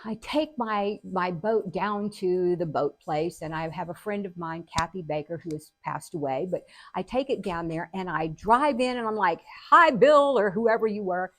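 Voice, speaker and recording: An older woman hosting a show, telling personal stories in a casual, animated way. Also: lowish voice, normal speed, few pauses, no echo. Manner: animated, acts out quotes with laughter. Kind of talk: casual storytelling.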